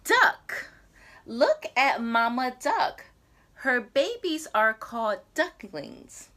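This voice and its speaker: Bright, lively woman reading aloud. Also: a little high. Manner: slow, clear, sing-song and lively for small children. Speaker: English teacher reading to children. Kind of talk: picture-book read-aloud for young learners.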